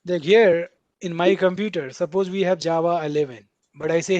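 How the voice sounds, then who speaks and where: A man's voice: high-pitched, steady tone, normal speed, darkish tone. A man teaching a live online coding class. He talks chattily, checks in with the class, and acts out what the code editor says. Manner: chatty, repeatedly checking in with "right?". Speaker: programming instructor.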